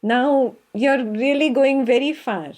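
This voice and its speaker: A woman's voice: high voice, slow pace, a little mellow. A woman with an Indian accent giving an earnest spiritual teaching talk, often checking in with her listeners. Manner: speaks with her hands.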